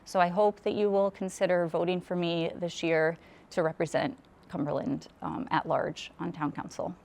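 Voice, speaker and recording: A woman giving a measured, sincere candidate statement for town council. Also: lowish voice, flat delivery, creaky, darkish tone.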